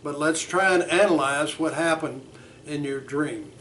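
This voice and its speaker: A man, a psychotherapist, teaching a lesson in a deliberate, measured way and acting out a session. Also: on the high side, a bit bright. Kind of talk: teaching lesson with role-play.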